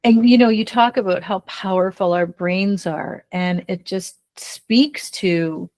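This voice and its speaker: A woman's voice: mid-range voice, slow pace. Affirming woman interviewer. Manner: affirming, warm listener. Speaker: host.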